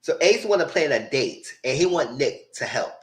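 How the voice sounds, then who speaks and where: A man giving a casual, animated live recap of a reality show, full of quoted asides. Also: medium pitch, moderate pace, poor audio.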